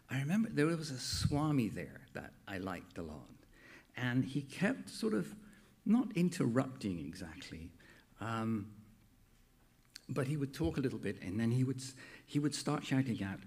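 A man's voice: medium pitch, husky. An older man with an American accent, a minister hosting a Sunday service in a chatty, playful way. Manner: lively, playful, loud call-outs. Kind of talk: warm, chatty service host.

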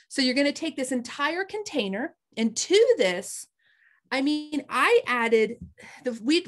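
A woman on a video call, walking listeners through a simple recipe in a chatty, animated way and often checking in with them. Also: on the high side. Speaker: host presenting a recipe. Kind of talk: casual chat demo.

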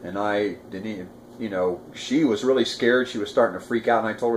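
Low-voiced older man telling a story. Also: brisk, slight background noise. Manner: rambling, with many restarts and asides. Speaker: storyteller recalling a past crime. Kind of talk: casual first-person recollection.

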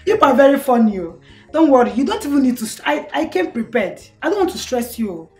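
An actress with a Nigerian accent playing a sharp, money-minded young woman who talks bluntly. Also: high-pitched, very animated, brisk. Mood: mocking. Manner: blunt, businesslike. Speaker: film actress. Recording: faint film music underneath.

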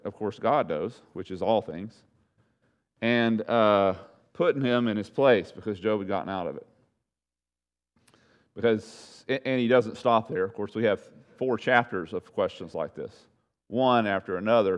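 A man's voice: fairly low pitch, moderate pace. A man teaching a Bible study lesson in a conversational, folksy way with self-deprecating asides.

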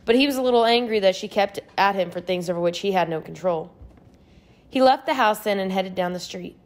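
In a mid-range voice, a woman reads an audiobook with steady, measured storytelling. It is scripted narration.

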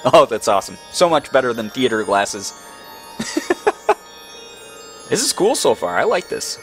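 Excitable young man playing a game. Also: mid-range voice, normal speed, long pauses, faint music behind. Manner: excitable, exclaiming. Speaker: gaming video host. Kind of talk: let's play commentary.

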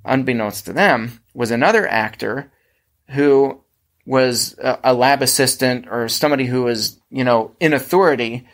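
A man's voice: medium pitch, normal speed. A man with a Pennsylvania accent hosting a casual podcast discussion, explaining at length with frequent restarts. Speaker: podcast host.

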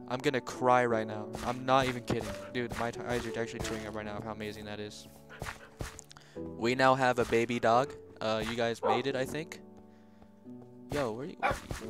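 A young man giving casual, slangy gameplay commentary, excitable and often shouting at the game. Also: mid-range voice, moderate pace. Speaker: gaming youtuber. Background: loud background music.

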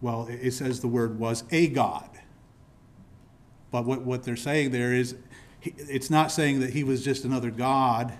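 A pastor preaching a sermon in church, explaining scripture in a teaching manner with frequent restarts and repeated words. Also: male voice, mid-range voice, steady tone, normal speed. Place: church sanctuary.

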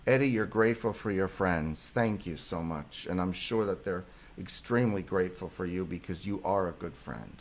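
A man's voice: low voice, moderate pace. A middle-aged man, a psychologist hosting a live stream, effusively thanking viewers and reading their comments aloud.

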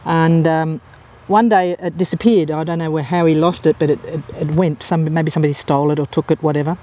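A woman's voice: sits low, steady tone, fairly quick, dark tone. Woman, from England, casual rambling narration, filler-heavy, outdoors, handheld camera mic, slightly muffled sound, birds squawking behind. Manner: rambling, anecdotal, many ums and uhs. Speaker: amateur nature videographer. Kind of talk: casual off-the-cuff narration while filming. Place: outdoors on a golf course.

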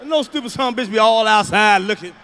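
A man performs stand-up comedy with a strikingly high, bright voice. He tells profane stories in an animated way, breaking into acted-out shouts. The delivery is loud and forceful. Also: fast, smooth.

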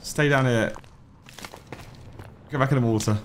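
A man's voice: medium pitch, unhurried, slight background noise. A man in his thirties giving let's-play commentary, jumpy and swearing, talking to himself and the game. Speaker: gaming YouTuber.

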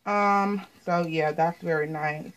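A woman's voice: fairly low pitch, fairly even intonation, slow, a bit bright, a little hiss or hum, poor audio. An American woman chatting casually to viewers as she shows off her latest clothing haul, repeating words and often saying "you guys.". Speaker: fashion vlogger.

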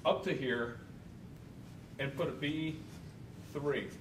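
A man's voice: fairly even intonation, slow. Man cross-examining in an echoey courtroom. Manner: probing, leading questions with frequent tag checks. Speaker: defense attorney. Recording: echoey room from far off, faint rumble.

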